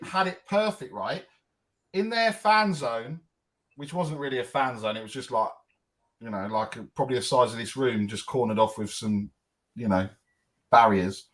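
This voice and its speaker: A man chatting on a podcast, telling stories in an animated way and acting out scenes. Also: medium pitch. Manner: animated storyteller, acts out scenes. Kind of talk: casual chat.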